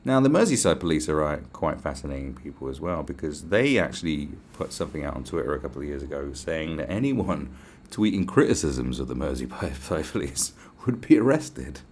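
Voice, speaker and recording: Low gravelly sarcastic man. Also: brisk, slight background noise. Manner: sarcastic, sweary, animated ranting. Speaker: podcast host. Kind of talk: solo podcast rant.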